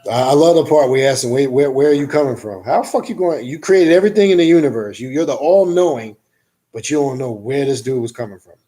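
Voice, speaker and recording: Speaking as an occult teacher, a man reads scripture aloud, mocks it, and then rants in casual, profane commentary. His medium-pitched voice is expressive and dark-toned, and he talks fast.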